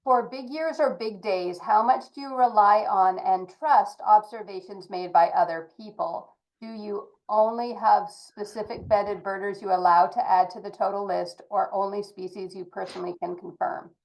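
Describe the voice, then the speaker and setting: A woman's voice: mid-range voice, fairly even intonation, normal speed, hardly any pauses. A woman hosting a Q&A, reading audience questions aloud in a friendly way. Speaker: host and moderator. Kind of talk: moderating a Q&A. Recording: slightly muffled online audio.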